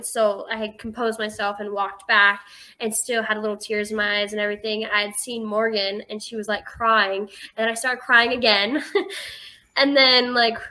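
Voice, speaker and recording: A woman's voice: medium pitch, sharp tone. An eighteen-year-old woman telling a story as a guest in a casual interview, chatty and filling her speech with "like".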